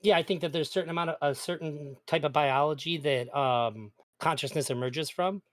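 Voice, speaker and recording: Speaking a little fast in a fairly high pitch, a man argues earnestly as a guest in a casual debate. He keeps restarting his sentences as he pushes his points.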